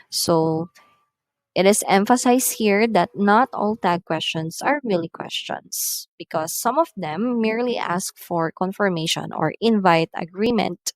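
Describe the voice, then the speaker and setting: A woman's voice: medium pitch, no room sound. A woman English teacher giving a recorded lesson on intonation and reading numbered example sentences aloud. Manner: says "so" at the start of many lines.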